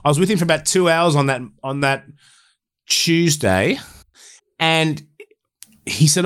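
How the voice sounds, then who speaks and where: A man co-hosting a casual podcast, telling animated stories with swearing and acted-out quotes. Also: fairly high pitch, fairly quick. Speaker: podcast co-host. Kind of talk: casual chat, storytelling.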